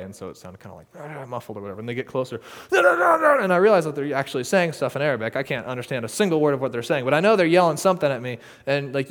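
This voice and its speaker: With frequent laughter and a stream of filler words, a missionary storyteller from the United States tells an animated story in a relaxed way. His mid-range voice carries a long reverb tail.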